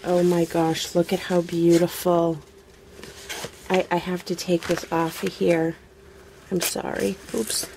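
Woman, craft unboxing chat, gushing exclamations, slow pace, warm mellow tone. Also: lowish voice, little pitch movement, gravelly, slight background noise. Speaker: craft vlogger opening a swap package.

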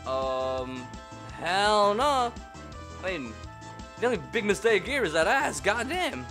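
Profane, animated young-sounding man gamer. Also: high-pitched, takes it slowly, soft background music. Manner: profane, loud joking outbursts. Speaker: gamer reading a game aloud. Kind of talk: let's-play commentary and first-person narration.

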